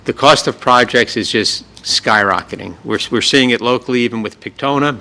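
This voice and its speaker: A man presenting an update at a city workshop meeting, losing his voice, measured and explanatory. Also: mid-range voice, vocal fry, bright, forceful tone, rough recording. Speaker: city manager. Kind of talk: public meeting report.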